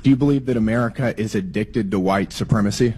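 A man with a hoarse voice from a cold, questioning a witness persistently at a hearing. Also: on the low side, quick pace, mellow. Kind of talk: hearing interrogation.

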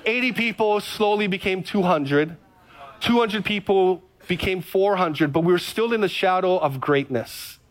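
High-voiced man preaching a lively sermon. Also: a little slow. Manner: animated storytelling, joking and repeating phrases. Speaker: pastor.

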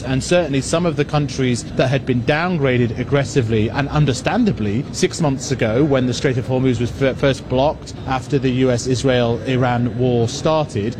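A man's voice: mid-range voice, background noise. A male economics editor explaining the news in a conversational, analytical way. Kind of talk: news report.

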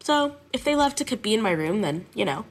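A woman's voice: mid-range voice, big pitch swings, brisk. A woman music teacher talking animatedly and emotionally in a radio interview.

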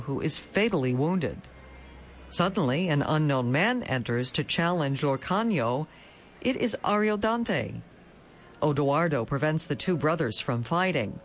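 A man giving a scripted narration as a broadcast announcer, measured and polished. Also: a little high, a little hiss or hum.

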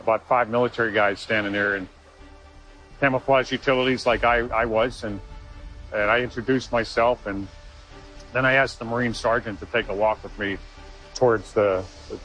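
A man telling a personal story in an interview, earnest and halting, with frequent restarts. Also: medium pitch, sharp tone, poor audio. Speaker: interviewee, former Marine.

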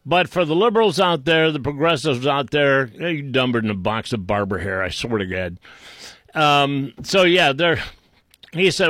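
A man with a Boston accent ranting sarcastically about politics, rambling, trading insults and clearing his throat. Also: medium pitch, animated, moderate pace, fairly bright tone, no echo. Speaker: political commentator. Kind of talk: unscripted political rant.

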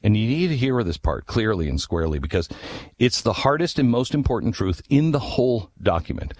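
A man tells a history story with passion and emphasis, posing rhetorical questions. He drops to low, hushed asides and then raises his voice urgently for key points. It's impassioned storytelling.

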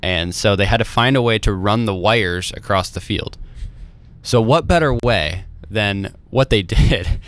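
A man co-hosting a podcast in casual chat, telling animated stories packed with "like" and acting out the people he quotes. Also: fairly low pitch, measured pace, dry recording. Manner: animated storyteller who acts out quoted voices; filler-heavy, uses "like" constantly. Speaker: podcast co-host.

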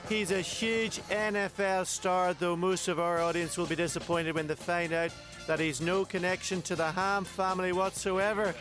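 A man's voice: high-pitched, little pitch movement, normal speed. A male TV host doing a flustered, tearful promo and apologising between lines. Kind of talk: promo to camera. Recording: music under voice.

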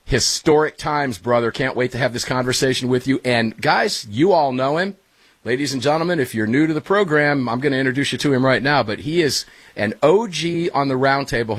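A middle-aged man hosting a talk radio show from his studio, energetic and chummy, calling listeners guys and brother. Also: medium pitch, dry recording. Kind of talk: casual talk radio banter.

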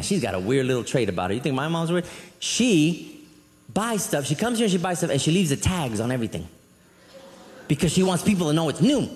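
Lively high-voiced male stand-up comic. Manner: rambling, animated storytelling with asides. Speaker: stand-up comedian. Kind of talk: stand-up routine. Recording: echoey live hall, faint crowd.

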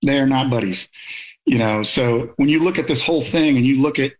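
Man, middle-aged, interview guest, military officer, blunt, opinionated, conversational storytelling, mid pitch. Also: brisk, low-quality recording.

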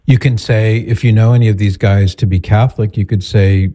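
A man hosting an advice talk, answering a caller calmly and directly. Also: fairly low pitch, a little fast, hardly any pauses. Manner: calm, direct, advising. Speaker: host giving advice.

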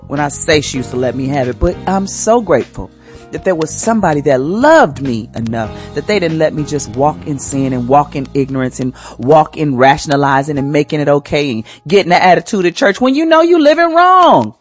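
A woman's voice: deep voice, lively intonation, brisk, soft background music. A woman who hosts a morning radio show, giving an inspirational talk as a church first lady in a colloquial, exhorting way.

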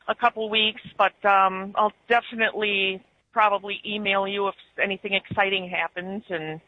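A woman's voice: mid-range voice, dry recording. A woman caller with an Upper Midwest American accent, chatting casually and rambling, laughing easily, over a muffled phone line. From born in Germany, raised in Wisconsin. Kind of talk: casual call-in chat.

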